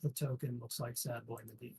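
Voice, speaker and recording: A man narrating as game master in a relaxed way, with many fillers. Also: mid-range voice, moderate pace, distant mic, noisy background.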